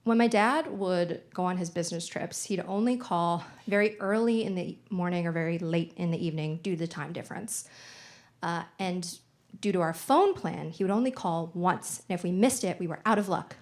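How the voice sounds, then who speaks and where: A woman's voice: lowish voice, moderate pace, a little mellow. A woman in her twenties doing stand-up comedy on a theater stage, chatty and playful, leaning on lots of "like" as she tells stories. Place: theater stage with live audience. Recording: noisy live theater recording.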